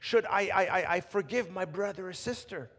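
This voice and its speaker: A preacher acting out an excited, fidgety disciple. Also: male voice, sits high, moderate pace, pitched above the performer's own voice. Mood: eager. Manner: excited stammering, bursting to speak. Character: eager, fidgety male disciple, grown man.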